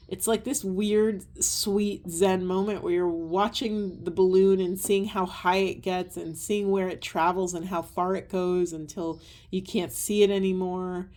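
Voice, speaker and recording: Woman, spiritual card reader, soft earnest rambling delivery, lowish mellow voice. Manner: soft, earnest, meandering with many ums. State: tearful at times. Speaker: tarot and oracle reader. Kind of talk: spiritual card reading monologue.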